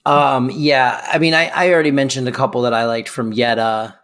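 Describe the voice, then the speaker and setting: A man's voice: medium pitch, level tone, brisk, fairly bright tone. A man co-hosting a casual podcast, bantering in an easygoing way with short, agreeable replies. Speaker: podcast co-host.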